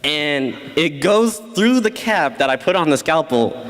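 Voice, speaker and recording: A man's voice: on the high side, lively intonation, measured pace, fairly bright tone, a little hiss or hum. Brief: teen boy, casual storyteller, laughs at his own jokes, big echoing hall. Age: teens. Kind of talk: live story slam. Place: school event stage.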